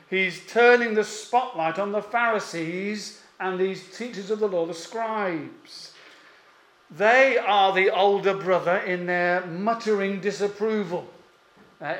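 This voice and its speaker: A man preaching a sermon, emphatic and pausing often, with rhetorical questions. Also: sits high, a bit bright. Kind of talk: expository sermon. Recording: echoey room.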